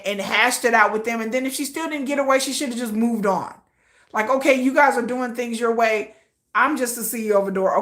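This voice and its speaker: Blunt, animated woman commentator, bright voice. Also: on the high side. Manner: blunt, animated and slangy, acting out quoted lines. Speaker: livestream host and commentator. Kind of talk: casual opinion livestream.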